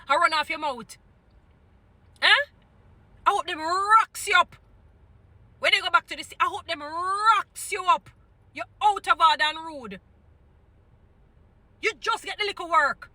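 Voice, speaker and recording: A woman's voice: high-pitched, sharp tone, no echo. A middle-aged woman with a Jamaican accent, ranting in an indignant, scolding commentary and repeating her points.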